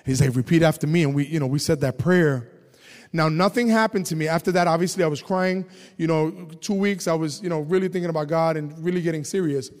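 A man preaching a testimony sermon, telling his story with animated delivery and shouting at high points. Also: in a large hall.

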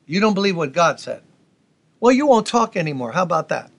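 A man's voice: high voice, big pitch swings, brisk, gravelly, exaggerated voice. A man voicing the angel Gabriel as an imposing, indignant male figure with a brash New York accent. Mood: scolding. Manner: brash, challenging, rhetorical questions.

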